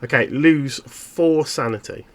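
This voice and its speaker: A man narrating a tabletop horror game as game master, in halting, descriptive storytelling. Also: a little high, fairly bright tone.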